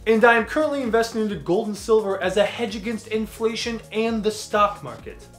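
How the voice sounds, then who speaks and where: A man doing a fretful, high-strung cautious investor with a weird accent, voice pitched up and jumpy. Soft music plays faintly underneath. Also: brisk, reverberant. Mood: anxious.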